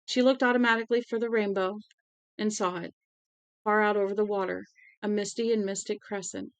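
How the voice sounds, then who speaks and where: A woman's voice: mid-range voice, clean tone, dry recording, poor audio. A woman reading a novel aloud on a stream, voicing the dialogue with feeling and correcting her small slips as she goes. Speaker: audiobook reader.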